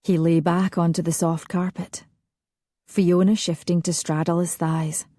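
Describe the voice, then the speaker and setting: A woman narrates a romance audiobook in a soft, intimate, unhurried read. Her voice is somewhat low, mellow and husky, and very slow. The recording is close and dry. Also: little pitch movement, no room sound.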